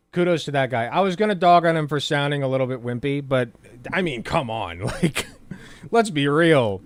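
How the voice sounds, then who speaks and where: A man's voice: medium pitch, animated, moderate pace, dry recording. A man giving casual political commentary. He reads news aloud and adds sarcastic asides, casual swearing and plenty of fillers.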